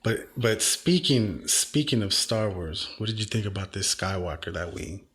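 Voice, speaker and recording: A laid-back American man with a fairly low voice rambles through casual podcast chat. He leans on filler words like "dude" and "like" as he tells his takes. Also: lively intonation, moderate pace, a bit bright, a little hiss or hum. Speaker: podcast co-host.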